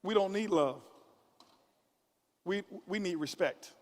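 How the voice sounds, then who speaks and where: Speaking slowly in a high voice, a motivational speaker works a conference audience, stumbling over repeated words and rising like a preacher. The large hall adds long reverb from the live event, and there's a little hiss or hum.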